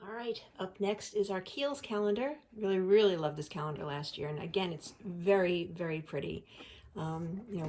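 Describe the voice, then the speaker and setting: A woman's voice: on the low side, moderate pace, darkish tone, a little hiss or hum. A woman hosting a casual unboxing chat, talkative and giggly as she thinks aloud. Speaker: host.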